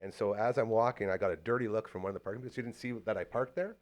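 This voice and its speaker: A man hosting a casual local podcast, telling stories in a hyped, cheering way. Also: fairly low pitch. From Canada. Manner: fast, hyped storytelling with lots of cheering. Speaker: podcast host.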